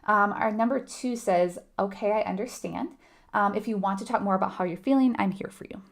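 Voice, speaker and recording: A woman speaking a little fast in a mid-range voice with vocal fry runs a live nursing exam review. Her tone is conversational, she quizzes her audience, and she says "right?" a lot.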